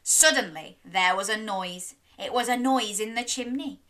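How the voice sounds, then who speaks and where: A woman's voice: medium pitch, unhurried, pushed and bright. A young woman reading a children's story aloud, sing-song and encouraging, gasping and inviting little listeners to join in.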